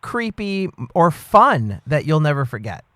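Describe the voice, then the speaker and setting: A male podcast co-host with a slightly higher voice than most men. He asks questions in a friendly, reassuring way. The recording is dry and close. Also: very animated, a little slow, pushed and bright, dry recording. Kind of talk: casual interview.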